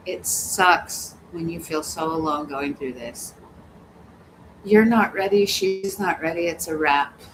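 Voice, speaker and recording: At home in hot weather, a woman hosts a casual livestream, reading viewer comments aloud, laughing often and cussing freely. Her voice is on the low side with a fairly bright tone, in a low-quality recording with slight background noise.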